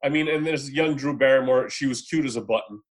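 On a casual podcast, a panelist with a medium-pitched voice talks fast about films. His takes are rambling and opinionated.

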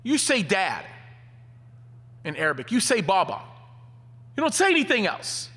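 A man voicing a stern middle-aged father who scolds his son in a raised, shouting voice. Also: high-pitched, sing-song, a little slow, breathy edge, voice pushed up, heavily acted. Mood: angry scolding. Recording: long hall reverb.

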